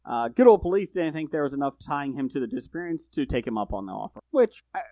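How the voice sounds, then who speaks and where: A man's voice: a little high, very animated, fast talker, warm tone, dry recording. A man on a podcast as a guest, talking casually with rambling, self-correcting sentences and joking asides. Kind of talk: casual true-crime chat.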